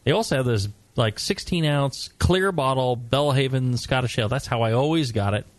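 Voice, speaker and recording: A man's voice: mid-range voice, normal speed, no echo. A man hosting a casual beer talk show, joking and teasing his guests. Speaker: podcast host.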